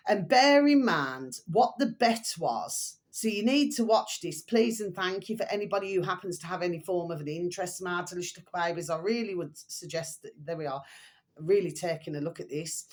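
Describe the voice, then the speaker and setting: A woman's voice: lowish voice, lively intonation, moderate pace. Rambling woman, older, chatty. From England. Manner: chatty, meandering, fond pet phrases for viewers. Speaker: vlogger. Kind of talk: rambling casual monologue to viewers.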